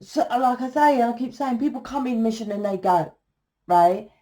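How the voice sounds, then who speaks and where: A woman talking through a casual tarot reading, blunt and salty, often checking in with a quick "right?". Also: a little high, animated, dark tone. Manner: blunt, swears freely, keeps asking "right?". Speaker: tarot reader.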